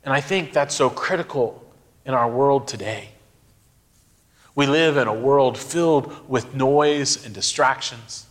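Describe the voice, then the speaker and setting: A middle-aged man giving a sermon, speaking in a slow, reflective way with emphatic pauses. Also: medium pitch. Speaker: pastor.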